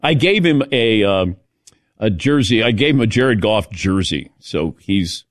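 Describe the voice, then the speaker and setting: A man's voice: lowish voice, expressive, unhurried, no room sound, studio quality. A man hosting a talk show, bantering casually with his crew and calling on them by name, often laughing.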